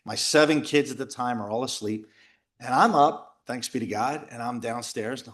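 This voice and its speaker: Before a live audience in a retreat house, a middle-aged man shares a personal story at a men's retreat. He's animated and jokey, performing quoted voices and shouts, with a medium pitch and normal speed throughout this lively storytelling talk.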